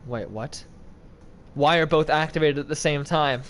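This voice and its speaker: A man's voice: a little high, normal speed, a bit bright. A young man giving casual gameplay commentary, pleading with and scolding an in-game character that won't go the right way. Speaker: gaming video creator.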